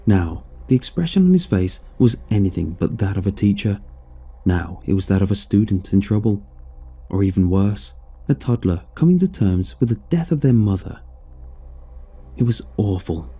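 A man narrating a horror story with a deep, very dark tone and a husky edge. His pitch swings widely as he dramatizes each moment. Faint music plays behind him. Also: animated, normal speed.

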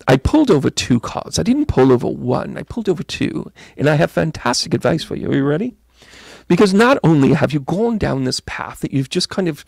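A man's voice: a little high, gravelly, no echo, full character voice. A man putting on a British accent to play a theatrical male psychic medium who calls the listener "my dear" and teases her. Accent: British (put on). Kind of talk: mock tarot reading on a live stream.

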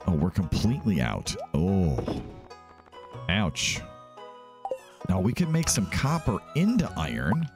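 A man hosting a let's play, chatting casually and thinking aloud as he plays. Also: low voice. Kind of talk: casual gameplay commentary. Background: game music.

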